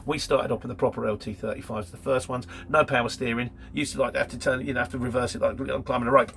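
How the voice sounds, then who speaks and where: A man in his 50s chats casually in a Q&A monologue about working as a courier driver, laughing between anecdotes. His medium-pitched voice is creaky and a bit bright, delivered flatly at a quick pace, with a little hiss or hum in the background.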